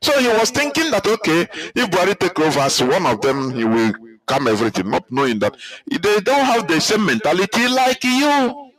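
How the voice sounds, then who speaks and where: A man with a Nigerian accent giving heated political commentary, emphatic and repetitive, his pitch climbing as he presses his points. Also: lively intonation, normal speed, fairly bright tone, poor audio. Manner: angry, emphatic, repeats himself, rises in pitch. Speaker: commentator reacting to a clip.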